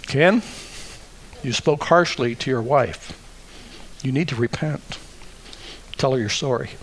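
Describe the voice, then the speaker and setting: A man voicing a gentle, encouraging Holy Spirit who speaks softly and kindly, like to a friend. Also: medium pitch, slow pace, a little hiss or hum, close to an everyday voice, low-quality recording. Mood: coaxing. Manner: soft, coaxing, brotherly.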